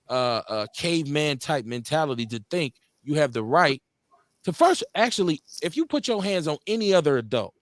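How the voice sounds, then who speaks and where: A man hosts a live call-in talk show, voice pitched a little high and recorded dry with no room around it. He talks loose and profane, joking between serious points. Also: no room sound. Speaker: radio show host.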